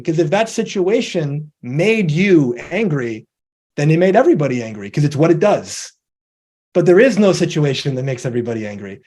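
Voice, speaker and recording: A man's voice: high-pitched, mellow. A man presenting a motivational talk, explaining ideas step by step and acting out quoted dialogue.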